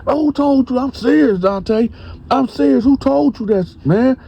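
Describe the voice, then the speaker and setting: A man's voice: medium pitch, a little fast, highs cut off, close to an everyday voice. A man voicing a defensive, hot-tempered male prison gang member who talks frantically and keeps repeating "man" and "bruh". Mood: frantic.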